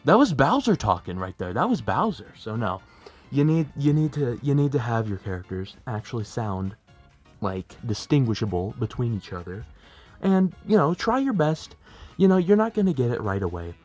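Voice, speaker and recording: A man's voice: mid-range voice, big pitch swings, moderate pace, darkish tone, faint music behind. A young man in a chatty, rambling, self-deprecating tutorial vlog, talking at home as a plush video creator. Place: bedroom at home.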